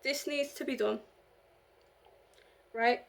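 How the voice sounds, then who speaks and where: Young woman from the UK, high voice, casual vlogger, rambling and indignant. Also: slow, vocal fry. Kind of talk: casual vlog monologue.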